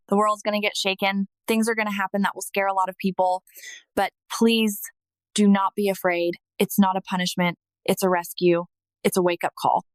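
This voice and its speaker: Woman telling her story slow and emotional, earnest, pretty dry recording. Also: mid-range voice, dry recording. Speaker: narrator. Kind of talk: scripted first-person testimony narration.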